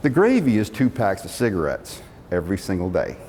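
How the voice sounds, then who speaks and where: A middle-aged man telling a story from his working life, animated, acting out the quotes. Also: brisk. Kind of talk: storytelling talk. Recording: long reverb of a hall, faint rumble.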